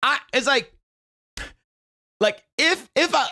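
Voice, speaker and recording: A man's voice: very high-pitched, expressive, slow, bright, forceful tone. Rambling, profane streamer man. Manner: rambling, filler-heavy, profane. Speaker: streamer host. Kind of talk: casual reaction chat.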